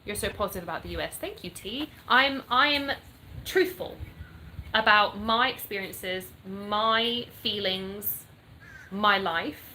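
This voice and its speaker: This woman in her thirties speaks slowly in a mid-range voice that is bright and forceful, with a mixed English accent from a US birth and English upbringing. As a content creator in a casual live chat, she reads viewers' questions aloud at her North Florida home and gives frank answers. Slight background noise and poor audio come through.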